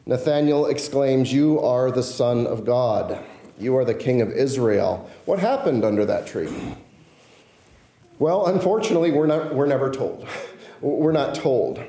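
A male pastor delivering a sermon, slowing and softening his voice on key phrases. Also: fairly high pitch, roomy sound.

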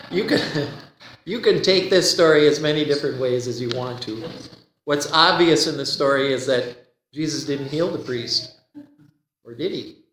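A man giving a sermon, telling a gentle joke and then teaching, often repeating a word as he begins a sentence. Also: fairly high pitch, a little hiss or hum. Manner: folksy joke-telling, repeats words when starting sentences. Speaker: preacher. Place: church. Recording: echoey church from a distance.

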